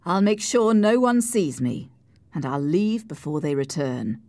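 A woman voicing Heathcliff, a passionate, cruel young man, in a forceful, emphatic way. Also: on the low side, very animated, unhurried, dry recording. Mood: intense.

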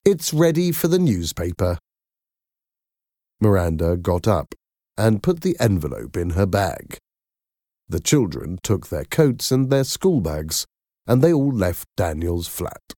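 A man reading a storybook aloud in a low voice with a very wide, sing-song melody. He takes his time, spacing each phrase slowly and clearly. The recording is dry and close, with no room sound. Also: dry recording. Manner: slow, clear and expressive. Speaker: narrator.

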